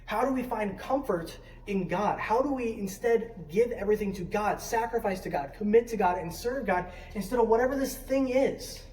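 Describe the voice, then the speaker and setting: A darkish, medium-pitched voice speaks at a moderate pace with few pauses as a student ministry leader delivers a conversational youth sermon in a church sanctuary. Frequent questions and "right?" mark the talk, recorded roomily from a distant mic with faint noise.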